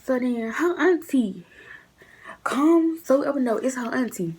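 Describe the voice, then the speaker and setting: A young woman telling a story in a casual vlog, chatty and animated, acting out what people said. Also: high voice, measured pace, husky. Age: young adult. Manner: chatty, animated, acts out quotes in shifting voices.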